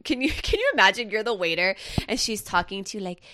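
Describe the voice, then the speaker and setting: This podcast co-host talks fast with a medium pitch, lively intonation and a sharp tone. The recording is dry and studio-clean, and her casual chat rambles with plenty of fillers.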